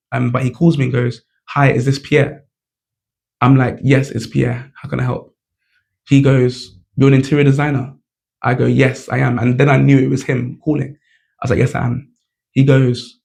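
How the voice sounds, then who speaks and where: A man's voice: medium pitch, gravelly, a little mellow. A man, telling a personal story to camera in a casual, chatty way, full of "like" and "you know". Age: 20s. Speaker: vlogger.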